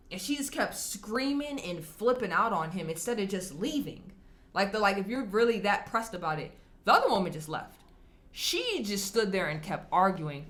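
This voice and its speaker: A woman's voice: medium pitch, normal speed. A woman talking casually to camera as a vlogger answering viewer comments, chatty and candid, often laughing as she talks. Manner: animated, acts out quoted people in shifting voices.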